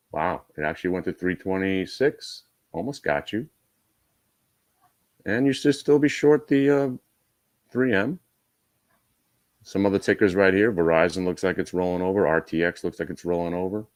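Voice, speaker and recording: A man's voice: low-pitched, dry recording. A man hosting a live stock trading room, coaching viewers directly on entries and stops with wry asides. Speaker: day trading host.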